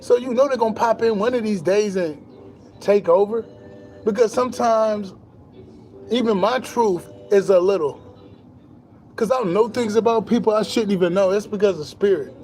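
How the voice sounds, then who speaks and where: A young man talking casually to camera in a boastful, animated monologue full of slang and swearing, laughing now and then. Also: high-pitched, moderate pace, slight background noise. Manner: laughs between lines. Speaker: spiritual vlogger.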